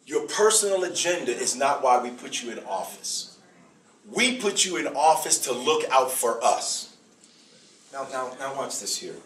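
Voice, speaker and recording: A middle-aged man, a bishop, giving a speech to an audience in a preaching style. He stresses his points, repeats phrases and uses slow dramatic pauses. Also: mid-range voice, expressive, fairly bright tone. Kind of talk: preaching-style public address. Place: event hall before an audience. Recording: echoey hall from far off.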